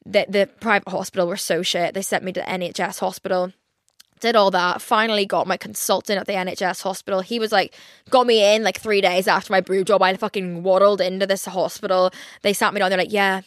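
A woman's voice: medium pitch, fairly even intonation, brisk, no room sound, studio quality. A young woman chatting on her own podcast, rambling with lots of "like" fillers and frequent swearing. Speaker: podcast host. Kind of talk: casual solo podcast chat.

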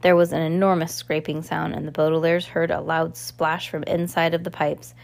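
A woman's voice: low-pitched, little pitch movement, moderate pace, vocal fry. A woman reading a novel aloud in an unpolished way, with stumbles and restarts. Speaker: reader.

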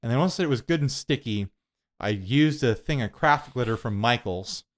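Young man, podcast co-host, casual rambling chat, laughs a lot, mid-pitched. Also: expressive, moderate pace. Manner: laughs often, rambling and self-deprecating.

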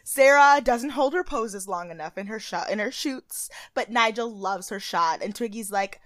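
A woman co-hosting a casual podcast chat, animated and playful, with a voice that cracks at times. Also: on the high side, moderate pace, hardly any pauses, no echo, studio quality. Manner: chatty, animated, playful impressions of people. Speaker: podcast co-host. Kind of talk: casual chat recapping a reality show.

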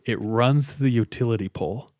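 A man's voice: medium pitch, fairly quick, darkish tone, no room sound, studio quality. A man casually retelling a scary story to friends, chatty and loose, with lots of fillers. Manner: conversational, loose with many fillers.

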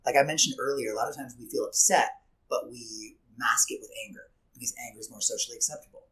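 Man, teacher type, casual podcast talk, animated, acts out quotes. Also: medium pitch, fast talker, low-quality recording.

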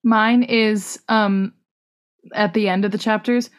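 A woman co-hosting a casual book chat, making short, unhurried remarks. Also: mid-range voice, fairly even intonation, clean tone. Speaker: podcast co-host.

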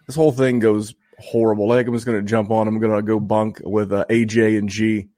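A man's voice: on the low side, level tone, brisk, dark tone, no room sound, studio quality. A man from Indiana hosting a fantasy football podcast in a chatty, joking way with frequent restarts. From Indiana, USA. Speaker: podcast host. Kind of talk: casual podcast intro.

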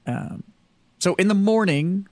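A man's voice: sits high, lively intonation, measured pace, no room sound. A man in his thirties co-hosting a podcast, telling stories in casual, profane chat with frequent laughter. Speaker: podcast co-host.

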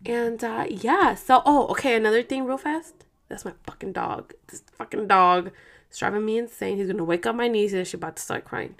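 A woman's voice: on the high side, normal speed. A young woman, ranting casually to her viewers at home, rambling and profane. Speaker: vlogger.

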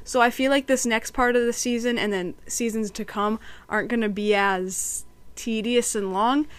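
A woman's voice: fairly high pitch, fairly even intonation, moderate pace, smooth. A woman hosting a podcast, reviewing cartoon episodes in casual, chatty talk and acting out quotes. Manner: chatty, giggly, acts out quotes.

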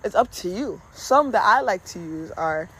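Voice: mid-range voice, expressive, normal speed, a bit bright, slight background noise. Candid, casual motivational talker. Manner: candid, conversational, with occasional profanity; addresses listeners directly and familiarly.

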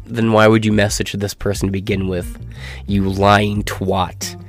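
A man's voice: lowish voice, level tone, measured pace, soft background music. A man ranting through a commentary with crude, profane, sneering talk.

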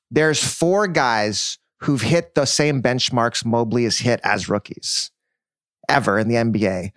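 A man's voice: on the high side, fairly bright tone, clear, resonant tone, dry recording. Enthusiastic man on a dry podcast mic. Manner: enthusiastic, builds points with stats and comparisons. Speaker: podcast co-host. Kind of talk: casual basketball chat.

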